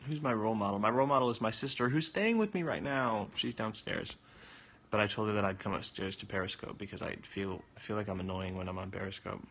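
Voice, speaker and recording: A young man chatting casually on a phone livestream, answering viewer comments with jokes and sudden jumps in pitch. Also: fast, a bit bright.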